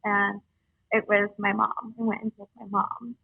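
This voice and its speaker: A young woman telling her personal story in a halting, earnest way, with many fillers, heard over a tinny phone-like line. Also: mid-range voice, level tone, vocal fry, slightly rough, no echo. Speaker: guest sharing her story. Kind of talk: casual storytelling.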